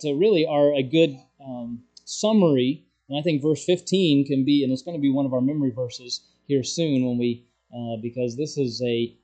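A middle-aged man preaching a sermon as pastor, in a halting, conversational way with frequent fillers and restarts. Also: a little high, a little mellow.

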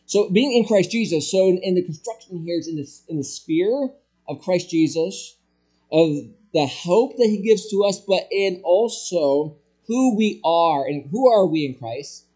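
A male pastor preaching a sermon, asking the congregation rhetorical questions and swinging between loud emphatic peaks and hushed, quiet phrases. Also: sits high, animated, unhurried, breathy edge.

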